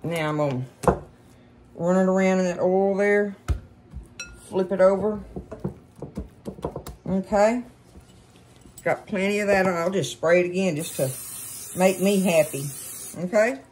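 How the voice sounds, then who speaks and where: A chatty woman walks viewers through a recipe in her home kitchen. Her voice sits at a middle pitch, and her talk is loose and folksy, full of asides to the audience. A faint hiss of background noise runs under the recording. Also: measured pace, pauses often, darkish tone. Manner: chatty, folksy, keeps addressing viewers as y'all. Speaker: cooking show host. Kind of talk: casual cooking demonstration.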